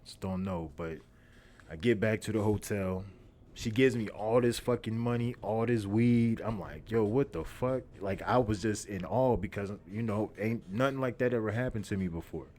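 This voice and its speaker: Deep-voiced young man. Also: normal speed, darkish tone. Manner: profane, repetitive, streetwise storytelling. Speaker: podcast host. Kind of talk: casual storytelling monologue.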